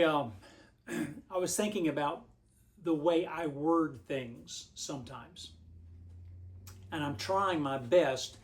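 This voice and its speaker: A man's voice, pitched a little high for a man. He delivers a short devotional like a pastor, telling a homespun story in a relaxed, meandering way. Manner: homespun, rambling storyteller with frequent restarts.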